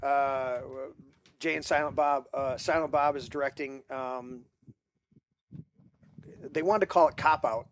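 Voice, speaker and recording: A man's voice: mid-range voice, a little slow, pauses often, a little hiss or hum. A man hosting a casual movie podcast, rambling through stories with many restarts and acting out quotes. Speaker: podcast host. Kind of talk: casual group chat about movies.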